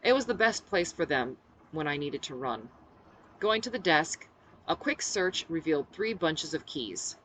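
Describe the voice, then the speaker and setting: A woman's voice: sits low, expressive, unhurried, fairly bright tone, a little hiss or hum, poor audio. A woman reading her own novel aloud in the first person, voicing the dialogue expressively. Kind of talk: audiobook-style first-person narration.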